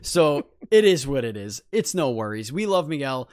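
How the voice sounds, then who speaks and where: A man's voice: mid-range voice, sing-song, moderate pace, a little mellow, clear, resonant tone, no room sound, clean studio sound. A man hosting a podcast, giving an earnest, rambling sign-off full of restarts and fillers. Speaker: podcast host. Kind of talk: casual sign-off chat.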